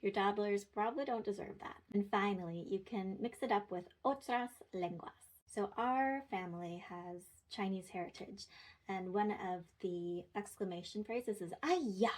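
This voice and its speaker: A woman's voice: medium pitch, moderate pace, poor audio. A young woman talking through parenting advice in a chatty, playful way, like a scripted talk to a friend. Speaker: parenting content creator.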